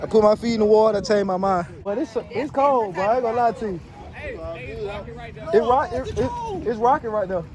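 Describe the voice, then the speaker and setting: A man's voice: sits high, big pitch swings, moderate pace, a crowd in the background. A man in his twenties casually vlogging outdoors by the water, playful and joking. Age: 20s. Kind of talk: casual vlog chat. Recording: loud music playing.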